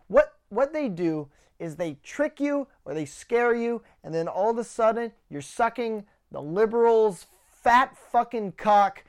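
A woman's voice: medium pitch, darkish tone. A woman hosting a podcast, delivering heated political commentary full of swearing and stumbling, repeated words. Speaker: podcast host.

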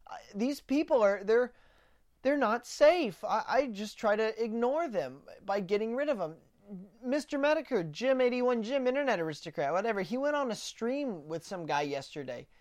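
Ranting on a political podcast she hosts, a woman speaks at a moderate pace in a voice on the high side, darkish in tone with lively intonation. She offers opinionated commentary, mocks opponents in sarcastic put-on quotes, and frequently stumbles over repeated words as sentences start.

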